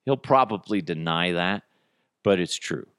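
A low-voiced man chatting on his comedy podcast. His pitch swings up and down in lively bursts as he rambles from one aside to the next. The sound is close and dry. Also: clear, resonant tone, dry recording. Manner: rambling, animated storytelling with quick asides. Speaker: podcast host. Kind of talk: casual comedic chat.

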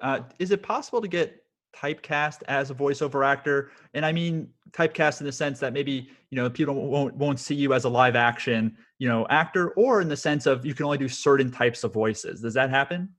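A man's voice: mid-range voice, brisk, fairly bright tone. A man hosting a podcast, asking easygoing interview questions and laughing along. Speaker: podcast host.

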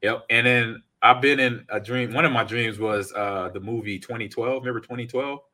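A man in his forties co-hosting a casual podcast chat, reading out chat comments and acting out stories loudly. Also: mid-range voice, moderate pace. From California. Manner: animated storyteller, acts out scenes loudly. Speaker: podcast co-host.

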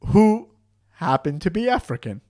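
A young man with a high voice telling a wild story in casual chat. He keeps the pace loose and energetic, peppers it with "like", and slips into other voices as he goes. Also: normal speed. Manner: animated, acts out voices, lots of "like".

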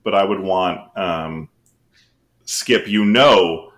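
A man co-hosting a podcast in a halting, rambling way, swearing casually. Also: low voice, a bit bright. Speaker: podcast co-host. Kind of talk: casual chat.

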